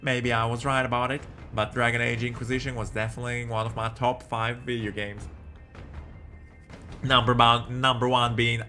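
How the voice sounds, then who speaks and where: A man's voice: mid-range voice, level tone, moderate pace, bright, forceful tone, soft background music. A man hosting a live gameplay stream, chatty and joking as he talks to his viewers. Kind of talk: live game commentary.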